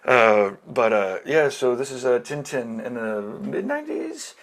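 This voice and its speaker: A man's voice: mid-range voice, very animated, normal speed, gravelly, hardly any pauses. A man, a podcast guest, telling a long rambling story over a call, full of fillers and restarts. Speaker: podcast guest, tattoo collector. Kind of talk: casual storytelling.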